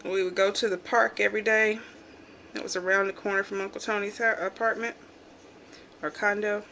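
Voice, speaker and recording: A middle-aged woman hosting a home channel, telling family stories in casual chat and acting out the quotes loudly. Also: medium pitch, a little fast, a little hiss or hum. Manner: animated storyteller, acts out quotes loudly. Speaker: channel host.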